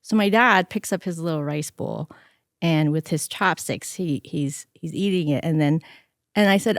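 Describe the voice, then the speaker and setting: Middle-aged woman guest, lively storyteller with a lower pitch, recorded close and dry. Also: normal speed, no echo. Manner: animated, acts out quoted voices. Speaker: interview guest. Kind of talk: conversational storytelling.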